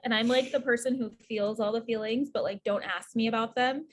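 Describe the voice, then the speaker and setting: A woman with a somewhat high voice chatting on a podcast. She is expressive and exclaims her points, laughing along as she talks. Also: fairly quick. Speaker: podcast guest. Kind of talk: casual chat.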